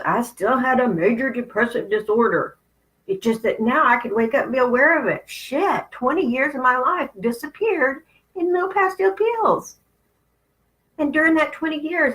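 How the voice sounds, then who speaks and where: The audio is poor as this woman, a fifty-something spiritual channel host, talks candidly and bluntly about spiritual matters, swearing now and then. Her voice sits high and a bit bright.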